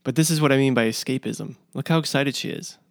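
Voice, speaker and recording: A man hosts a podcast in relaxed, reflective chat. His voice has a middle pitch. The recording is dry and close. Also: fast talker, gravelly, no echo. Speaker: podcast host. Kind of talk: casual chat.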